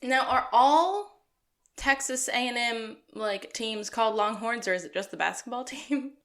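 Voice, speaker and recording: A woman's voice: fairly high pitch, animated, a bit bright. A woman co-hosting a podcast, chatting casually in a curious, jokey way. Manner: curious, jokey, quick to laugh. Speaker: podcast co-host. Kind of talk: casual rewatch recap chat.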